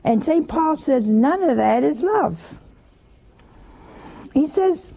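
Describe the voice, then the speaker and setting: A woman's voice: high-pitched, animated, takes it slowly, vocal fry, long pauses, dark tone. An older woman giving a folksy sermon, teasing her listeners with questions and anecdotes. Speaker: preacher.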